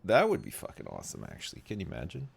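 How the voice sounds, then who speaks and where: A man's voice: on the low side, wildly swooping pitch, rapid-fire, vocal fry, breathy edge. A man live-streaming a game, chatting casually in a joking, rambling way.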